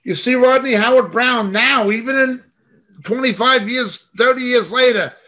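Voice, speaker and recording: A man's voice: very high-pitched, normal speed, sharp tone. A middle-aged man teaching a Bible study over a video call. He reads scripture verses aloud and follows them with emphatic comments.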